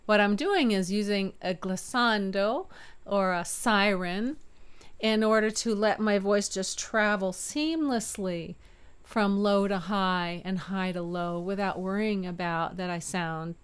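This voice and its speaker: Smooth-voiced woman voice teacher. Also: medium pitch, takes it slowly. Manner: upbeat, demonstrates chest and head voice by singing. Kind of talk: video voice lesson. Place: home studio with keyboard.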